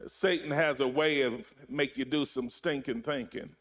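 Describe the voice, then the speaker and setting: A man preaching a sermon, repeating his phrases and swinging between loud emphasis and hushed, low drops. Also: fairly even intonation, normal speed. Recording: long hall reverb.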